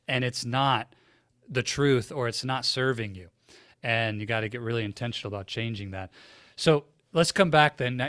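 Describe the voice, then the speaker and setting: A man's voice: mid-range voice, fairly bright tone, clear, resonant tone, dry recording, clean studio sound. A man hosting an interview podcast, asking earnest, reflective questions. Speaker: podcast host. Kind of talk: interview conversation.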